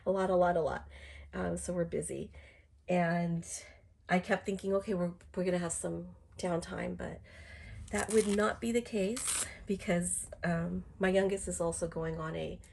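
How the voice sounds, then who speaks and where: A middle-aged woman talks casually to a live stream from home, her voice low and husky with a gravelly edge. She rambles, restarting sentences and leaning on fillers, and sounds congested from a cold. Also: fairly even intonation, moderate pace, darkish tone. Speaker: doll collector streaming live.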